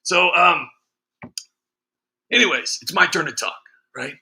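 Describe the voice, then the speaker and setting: A man's voice: a little high, slow pace, creaky, sharp tone. A man hosting a stream, talking in a casual, sarcastic rant with lots of fillers and jokes. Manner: sarcastic, joking, frequent fillers. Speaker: streamer host. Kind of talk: casual ranting monologue.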